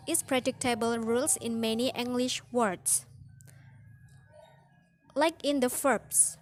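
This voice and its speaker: A young woman student giving a class presentation, reading carefully and slowly, pausing on example words. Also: a little high. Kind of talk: read-aloud class presentation.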